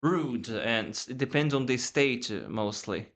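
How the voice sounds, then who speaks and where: A Brazilian man with a Brazilian Portuguese accent, hosting a podcast in English with a jokey, halting way of talking. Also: mid-range voice, animated, a bit bright. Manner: jokey, encouraging, halting with restarts. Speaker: podcast host. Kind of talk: casual interview chat in English.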